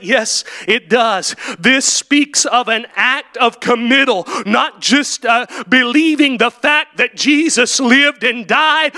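A man preaching a sermon with fervor, building to shouts and falling back to quiet, drawn-out phrases. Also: very high voice. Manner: impassioned preaching, rising to shouts and dropping to near-whispers.

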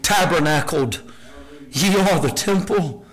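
A man preaching a sermon, reading scripture aloud, rising to shouted peaks and then dropping low and hushed. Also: expressive, slow, poor audio.

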